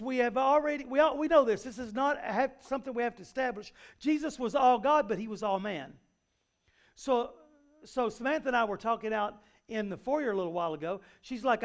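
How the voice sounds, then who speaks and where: A male pastor giving a conversational sermon, folksy and full of everyday analogies, often restarting his sentences. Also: very high-pitched. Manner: frequent repeated restarts. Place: church sanctuary.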